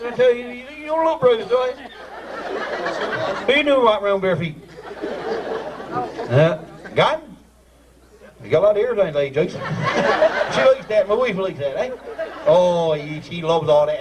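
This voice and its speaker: A man's voice: high-pitched, background noise. A man with a Newfoundland accent leading a rowdy ceremony, joking and laughing with the people he is teasing. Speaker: screech-in ceremony leader. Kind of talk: joking crowd banter. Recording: far mic over a loud crowd.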